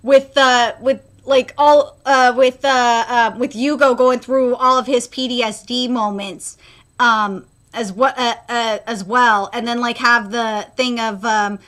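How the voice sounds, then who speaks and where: Woman doing a live manga reaction, pretty high voice, lots of ums and restarts, gets loud when stuff hits her. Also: steady tone, unhurried. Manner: rambling, many fillers and restarts.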